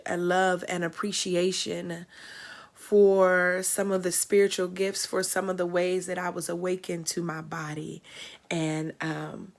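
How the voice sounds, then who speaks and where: Middle-aged woman host, gravelly, reflective storyteller, swells to testimony. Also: fairly low pitch. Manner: reflective, rising to emphatic testimony. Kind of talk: personal storytelling on a livestream.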